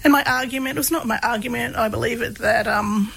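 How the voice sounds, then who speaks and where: A woman's voice: a little high, fairly even intonation, quick pace, creaky, fairly bright tone, a little hiss or hum, low-quality recording. A woman telling a personal story in a casual, hesitant way, full of fillers. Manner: hesitant, many fillers, laughs while telling. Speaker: guest, researcher of comedy.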